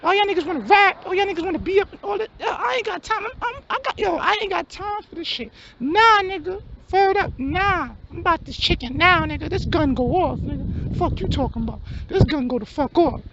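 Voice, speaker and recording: A man voicing a loud, scornful male street hustler in a comedy skit, brash and yelling. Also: extremely high pitch, lively intonation, fairly quick, creaky, few pauses, heavily acted. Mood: scornful, angry. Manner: brash, yelling, swearing constantly. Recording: dull lo-fi, faint hum.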